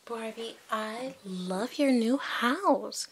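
A woman's voice: on the high side, very slow, slight background noise, voice pushed down. A woman voicing a sweet, gushing young woman doll who is visiting her best friend, in a toy play video.

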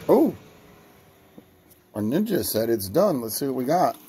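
A man's voice: mid-range voice, very animated, measured pace, warm tone, slight background noise. A man hosting a casual home cooking vlog, rambling and joking as he talks to viewers from his kitchen. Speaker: host of a home cooking video.

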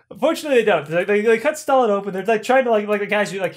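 A man's voice: sits high, expressive, normal speed, pauses often. A man telling history as a comedy story, swearing a lot and acting out people's lines. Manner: crude, profane, acts out characters' lines. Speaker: podcast host.

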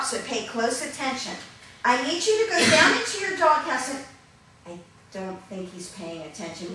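A woman teaching puppet ministry, leading a lively children's-church style puppet demonstration and calling out to the audience. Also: mid-range voice, moderate pace. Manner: animated, calls out to the audience and coaxes them. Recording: echoey room audio from far off with noise.

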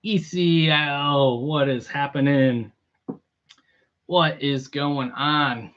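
A man live-streaming a toy unboxing in a relaxed, chatty way, greeting viewers by name. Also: a little high, extremely slow, highs cut off. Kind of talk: casual live-stream chat.

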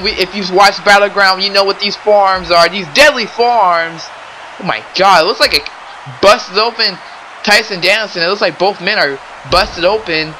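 A young man doing excitable play-by-play wrestling commentary, often exclaiming and addressing the audience. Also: high voice, slight background noise, rough recording. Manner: excitable, keeps exclaiming and saying ladies and gentlemen.

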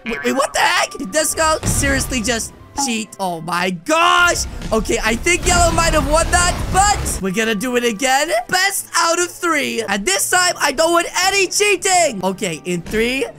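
Woman game host, high pitched, lively swooping delivery, exclamatory, music underneath. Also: normal speed, hardly any pauses. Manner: exclamatory, dramatic, mock-exasperated. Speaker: gaming video host. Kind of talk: comic gameplay commentary.

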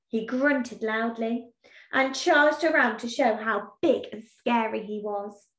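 A woman teacher reading a storybook aloud in an expressive, sing-song way, then explaining a task in an online lesson. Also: on the high side, takes it slowly. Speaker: primary school teacher. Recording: echoey room.

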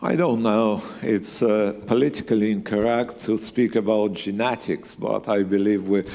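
A middle-aged man from Russia with a Russian accent, a guest scientist talking on stage in a halting way, full of fillers and restarts, with dry humour. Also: on the low side, creaky, mellow. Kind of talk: live on-stage conversation. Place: museum event hall, live audience. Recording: long reverb of a large hall.

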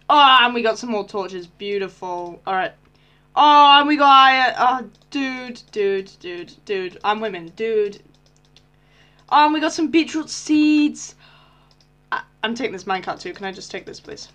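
Teen girl gamer, bubbly and loud, very lively high voice. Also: moderate pace, slight background noise. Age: teens. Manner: bubbly, squeals and shouts with excitement. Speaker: Minecraft YouTuber. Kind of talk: casual gameplay commentary.

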